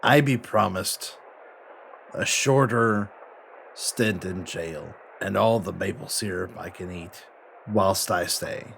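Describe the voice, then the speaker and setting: A man voicing a gullible male quarterback in prison, who answers haltingly and evasively. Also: low-pitched, creaky, fairly bright tone, slight background noise, pitched below the performer's own voice, exaggerated voice. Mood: sheepish.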